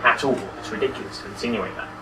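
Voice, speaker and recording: A man's voice: mid-range voice, very fast, distant mic, crowd noise, rough recording. A man giving casual, critical commentary over gameplay footage, talking conversationally and often restarting his sentences. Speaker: game reviewer.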